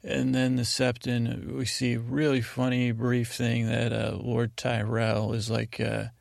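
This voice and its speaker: A man hosting a sleep podcast, recapping a TV episode in a meandering, hesitant way, often breaking into quick impressions of the characters. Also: medium pitch, monotone, creaky, darkish tone, dry recording, studio quality. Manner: meandering, hesitant, acts out scenes in quick voices. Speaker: podcast host.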